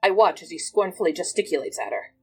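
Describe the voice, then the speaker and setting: A woman player in a tabletop game, narrating what her character sees in measured storytelling. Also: lowish voice, lively intonation, darkish tone, slightly rough, faint music behind.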